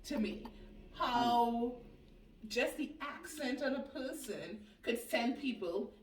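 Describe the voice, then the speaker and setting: Animated Trinidadian woman telling stories. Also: on the high side, takes it slowly, a little hiss or hum. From Trinidad and Tobago. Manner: animated storyteller who acts out the people she quotes. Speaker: host. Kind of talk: casual chat. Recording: roomy sound from a distant mic.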